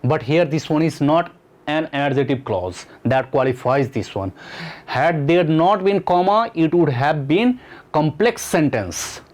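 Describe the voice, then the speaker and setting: A man's voice: fairly high pitch, expressive, measured pace, darkish tone. Man teaching grammar. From Nepal. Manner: repetitive, explaining step by step with questions to students. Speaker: English teacher. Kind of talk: exam-prep grammar lesson.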